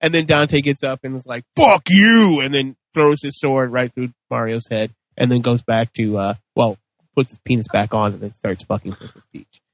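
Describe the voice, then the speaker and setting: A man's voice: mid-range voice, fairly even intonation, normal speed, no room sound. A man hosting a casual podcast debate, telling crude, joking stories. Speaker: host.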